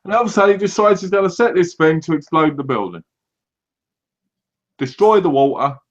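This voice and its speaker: A man co-hosts a casual movie review chat, retelling scenes with lively energy and lots of laughter. His voice sits a little high and moves fairly quickly. The recording sounds dull and lo-fi.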